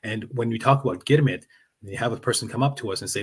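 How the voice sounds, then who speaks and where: A man's voice: medium pitch, quick pace, gravelly, breathy edge. A man from Fiji with a Canadian accent, speaking earnestly and passionately as a podcast guest, with many restarts. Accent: Canadian English. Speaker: podcast guest, heritage advocate. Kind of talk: conversational interview.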